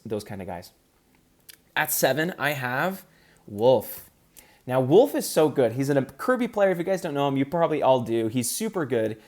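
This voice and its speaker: A man in casual commentary, ranking competitive gamers in an upbeat, chatty way with frequent ums. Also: mid-range voice.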